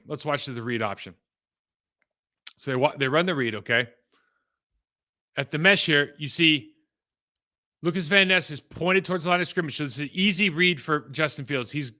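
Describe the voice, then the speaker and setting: A man's voice: a little high, bright, forceful tone. A man casually breaking down football game film, talking in a rambling, conversational way that trails off and restarts.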